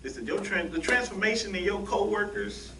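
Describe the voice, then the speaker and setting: A man's voice: sits high, brisk, gravelly, pushed and bright. A man hosting a church interview, earnest and preachy, often repeating a word as he starts a sentence. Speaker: host. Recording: echoey room, distant mic, faint noise.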